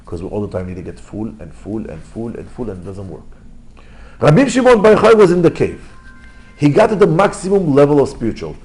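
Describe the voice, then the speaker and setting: A rabbi giving an informal Torah lesson, telling stories in lively, non-native English. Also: male voice, medium pitch, fairly quick, faint music behind, poor audio. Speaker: rabbi teaching a class.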